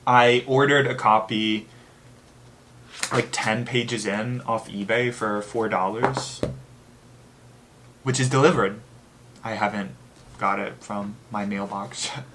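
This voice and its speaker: A man's voice: fairly low pitch, fairly bright tone, a little hiss or hum. A man hosting a casual book review chat, rambling and candid, with lots of filler words and the odd swear. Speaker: book channel host.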